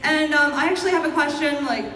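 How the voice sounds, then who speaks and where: A woman's voice: high-pitched, quick pace, bright, forceful tone, a little hiss or hum. A woman fan eagerly asking a panel question and thanking the guest. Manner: eager, grateful. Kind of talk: audience question. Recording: far, echoey hall.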